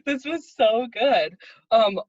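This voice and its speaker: A woman hosting a podcast, gushing and quick to laugh as she steers the casual interview. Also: on the high side, expressive, a little mellow, no echo. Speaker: podcast host. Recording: dull, dry lo-fi audio.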